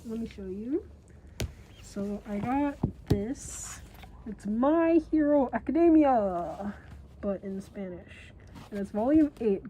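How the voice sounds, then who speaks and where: A woman's voice: a little high, dark tone, highs cut off. A young woman streaming to her chat in a rambling, playful way, full of slang fillers. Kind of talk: casual livestream chat. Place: indoors while traveling.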